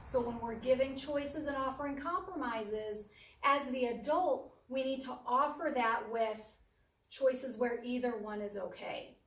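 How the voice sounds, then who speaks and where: A woman's voice: a little high, a little slow, fairly bright tone. A woman giving a practical parenting workshop who now and then acts out what a parent would say to a child. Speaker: workshop presenter. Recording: echoey room, speaker far from mic.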